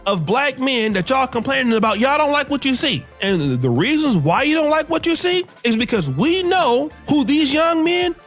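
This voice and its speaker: A man lectures in a played clip and hammers his points by repeating them. His voice sits unusually high for a man. Faint music runs under him. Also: big pitch swings, normal speed, few pauses, fairly bright tone. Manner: lecturing, repetitive emphasis. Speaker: commentator in a clip. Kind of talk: opinion commentary.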